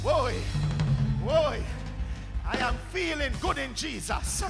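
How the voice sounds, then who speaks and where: A man with a Jamaican accent preaching a fiery sermon, shouting and exhorting the congregation, breaking into song. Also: very high-pitched, animated, takes it slowly, vocal fry. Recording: music playing loudly behind.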